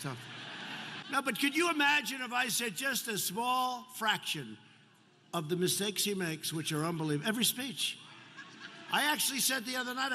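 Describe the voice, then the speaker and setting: A man's voice: sits high, sharp tone. An older man, a politician, giving a rambling and repetitive speech full of mockery and asides. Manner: repetitive, mocking, digressive. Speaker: politician speaking at rallies and on a podcast. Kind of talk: rambling rally speech and podcast chat. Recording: roomy reverb with faint background noise.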